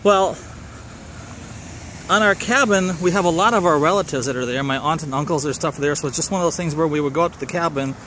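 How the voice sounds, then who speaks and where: A man's voice: fairly high pitch, fairly quick, sharp tone, a little hiss or hum. Minnesotan man telling a rambling story. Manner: rambling, self-correcting, wry. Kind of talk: casual personal storytelling.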